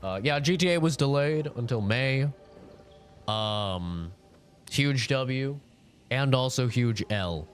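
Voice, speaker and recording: A man's voice: mid-range voice, lively intonation, slow pace, a little hiss or hum. A sick young man with a nasal voice, chatting casually with his live-stream audience in a rambling, laid-back way.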